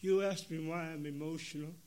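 Emotional older preacher. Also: male voice, fairly high pitch, steady tone, a little fast. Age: 70s. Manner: emotional, dramatic swings from loud to hushed. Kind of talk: sermon testimony.

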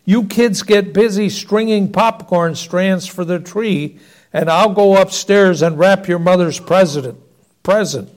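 A man's voice: high voice, unhurried. A man voicing an exasperated father who grumbles and blusters, in a storytelling reading. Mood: grumbling.

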